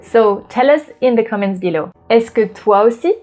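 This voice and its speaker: A woman from France hosting a language lesson, explaining patiently and clearly. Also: a little high, moderate pace, darkish tone, slight background noise. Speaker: French teacher and channel host. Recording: light background music.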